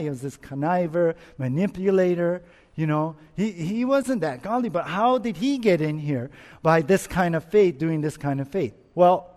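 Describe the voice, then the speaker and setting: Male pastor, high register, earnest sermon with rhetorical questions, long reverb of a big hall. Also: darkish tone. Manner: earnest, asks rhetorical questions, repeats himself. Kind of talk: expository sermon.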